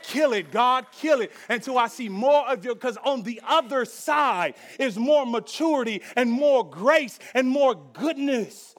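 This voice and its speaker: A man preaching a sermon as pastor, speaking in rhythmic repeated phrases that rise to shouts and then drop to a soft, hushed prayer. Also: very high voice, lively intonation, a little slow, hardly any pauses.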